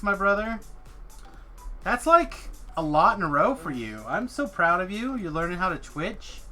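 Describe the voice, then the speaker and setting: Animated storytelling man, bright voice. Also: on the high side. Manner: animated, swearing, acts out quoted people. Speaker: streamer. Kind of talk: casual storytelling while gaming.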